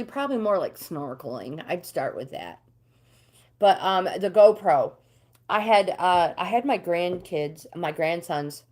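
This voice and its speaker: An older woman with a slightly low-pitched voice hosts a casual livestream. She chats with viewers by name and reads out tarot card meanings in a relaxed, talkative way. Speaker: livestream host reading tarot cards.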